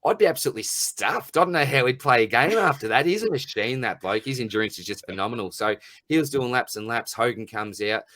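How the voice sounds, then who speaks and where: A man's voice: mid-range voice, animated, fast, fairly bright tone, no echo. A middle-aged man with an Australian accent, hosting a podcast in blunt, rambling, jokey rants. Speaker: podcast host. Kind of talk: casual chat.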